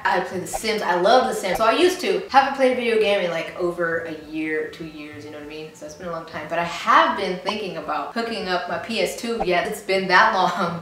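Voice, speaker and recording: A young woman vlogging casually, chatty and rambling with a playful manner. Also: lowish voice. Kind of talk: casual vlog reading comments. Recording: very echoey room, faint noise.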